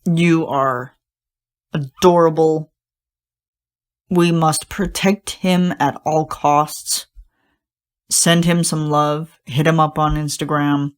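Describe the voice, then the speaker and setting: Low-voiced woman gushing on a podcast. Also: fairly even intonation, slow, long pauses. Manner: gushing, rambling, many fillers and restarts. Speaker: podcast host. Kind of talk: casual solo podcast talk.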